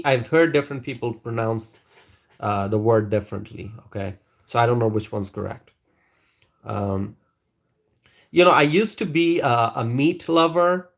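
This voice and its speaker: A man hosting a live stream, chatting casually with viewers and reading their comments in a rambling, hesitant way. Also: mid-range voice. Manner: rambling, hesitant, with frequent restarts.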